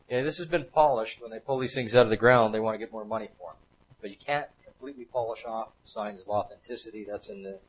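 A man's voice: on the low side, rough recording. A man giving a slide lecture to a live audience, talking emphatically and repeating his points over and over.

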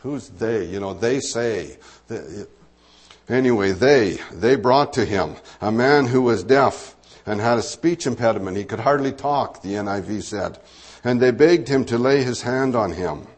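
A man's voice: medium pitch, unhurried. A man preaching a sermon, teaching through a Bible passage in a conversational way, with asides and fillers.

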